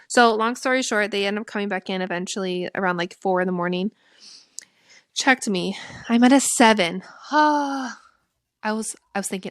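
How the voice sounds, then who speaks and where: A young woman co-hosting a podcast, telling a personal story in a candid, conversational way. Her voice sits at a middle pitch and jumps up when she acts out what she said. The sound is dry and close, with no room echo. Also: fairly quick. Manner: lively, candid, quotes herself in animated bursts. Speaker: podcast co-host.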